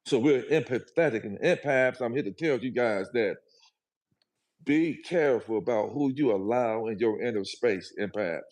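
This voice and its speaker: A man's voice: medium pitch, moderate pace, darkish tone. A man speaking as a guest on a livestream, talking in a preachy, emphatic, motivational way and repeating his phrases. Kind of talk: motivational live chat.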